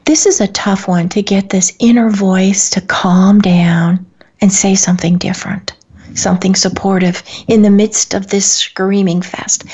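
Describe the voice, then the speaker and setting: Brief: female radio host, hushed husky delivery, dull lo-fi broadcast sound. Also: medium pitch. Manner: soft, hushed, slow and soothing. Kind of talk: guided breathing and imagery exercise.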